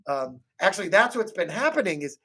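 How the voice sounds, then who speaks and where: A man's voice: sits high, very animated, a little fast, bright, forceful tone. A man in casual podcast chat about tabletop games who rambles, swears and acts out quotes from his table. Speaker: podcast guest or host talking tabletop games.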